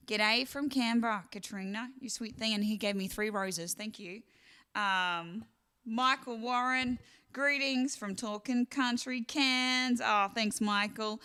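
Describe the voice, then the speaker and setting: A woman's voice: fairly high pitch, bright, forceful tone, clear, resonant tone. A woman with an Australian accent hosting a casual live stream, chatting and reading out viewer comments. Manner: chatty, reads out viewer comments, laughs often. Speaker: live stream host and singer.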